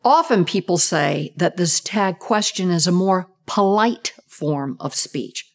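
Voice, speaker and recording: A woman's voice: lowish voice, lively intonation. A woman communication expert giving an explanatory talk, using short role-play examples to show intonation. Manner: measured, deliberate delivery. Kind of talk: explanatory talk on gendered speech patterns.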